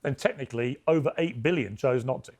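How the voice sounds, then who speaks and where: A man's voice: mid-range voice, fast, darkish tone. A man hosting a TV debate, cutting in to steer the discussion. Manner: interjecting, steering. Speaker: show host. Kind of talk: moderating a TV debate.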